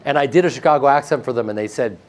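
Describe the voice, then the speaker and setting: A man with a flat Midwestern American accent answers interview questions in loose, casual chat. He jokes, laughs easily and trips over his own restarts. His pitch sits at a middle level for a man. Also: racing. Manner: animated, joking, laughs often, with frequent restarts. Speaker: actor being interviewed.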